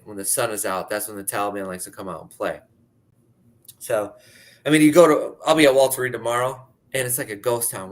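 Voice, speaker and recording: A man's voice: mid-range voice, a bit bright, a little hiss or hum. A man in his thirties from Pennsylvania, telling his personal story in a candid, conversational way, often saying "like". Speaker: speaker sharing his story.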